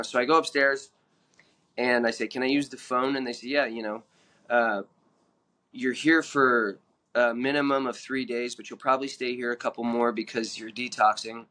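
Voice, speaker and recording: A man guest telling his own story in an earnest, halting way, with many fillers and restarts. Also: mid-range voice, steady tone, pushed and bright. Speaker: podcast guest.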